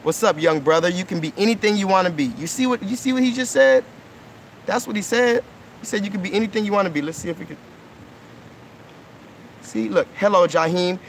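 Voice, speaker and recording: A man's voice: high voice, expressive, fairly quick, long pauses, slight background noise. A man in his thirties with an earnest, coaxing way of talking, who keeps checking in with "okay?" and "right?" while hosting a live stream outdoors by a pool and speaking into a phone. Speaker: livestream host. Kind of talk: casual live-stream talk with kids.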